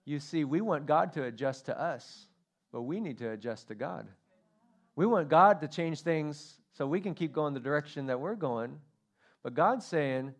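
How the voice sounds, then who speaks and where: Animated man preaching a sermon. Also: a little high, normal speed. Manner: storytelling, animated with acted quotes. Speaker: pastor.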